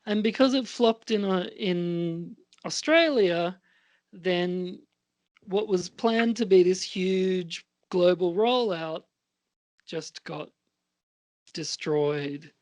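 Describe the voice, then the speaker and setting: A man's voice: sits high, slow pace. A man co-hosting a podcast, chatting casually about films in a rambling, hesitant way with many fillers. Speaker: podcast co-host. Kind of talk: casual film chat.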